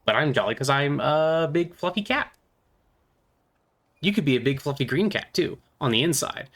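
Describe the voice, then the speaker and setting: A man's voice: a little high, lively intonation, normal speed, fairly bright tone. A man vlogging about miniatures in a casual, playful, rambling way.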